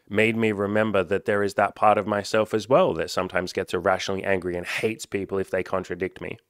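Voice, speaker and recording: A man's voice: on the low side, fairly bright tone, dry recording, clean studio sound. A man talking as a coach in a candid self-help monologue, frank and reflective, swearing freely.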